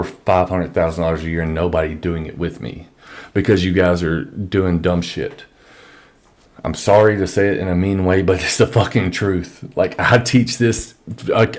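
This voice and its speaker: A man's voice: low voice, a little mellow. A man teaching trading in an office on a microphone, lecturing bluntly and with profanity. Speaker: trading educator. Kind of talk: screen-share trading lesson.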